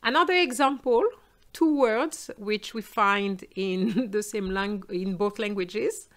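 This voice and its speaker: Woman teaching sounds, takes it real slow, says each word twice. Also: mid-range voice, fairly bright tone. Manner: slow, careful, repeats words for learners. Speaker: French teacher. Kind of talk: pronunciation lesson.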